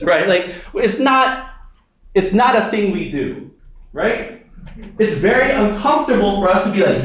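A man giving a casual, conversational sermon, often laughing, then dropping to a soft, intimate tone. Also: high voice, expressive, a little slow. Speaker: pastor. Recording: very echoey hall, from far off.

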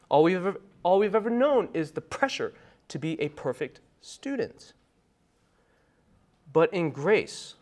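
Male pastor, sermon delivery, voice a bit on the high side, conversational asides, sudden loud emphatic bursts. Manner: emphatic, conversational preaching with frequent "right?" asides.

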